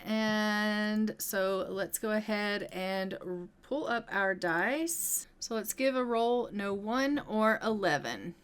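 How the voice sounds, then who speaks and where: A woman casually narrating her life-simulation gameplay step by step, chatty and gentle, now and then voicing her characters in quick asides. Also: medium pitch, clean tone. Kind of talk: casual let's-play commentary.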